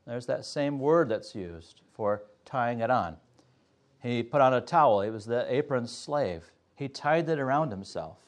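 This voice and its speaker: A man teaching a Sunday school Bible class, explaining step by step in an earnest way with frequent pauses. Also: medium pitch, animated.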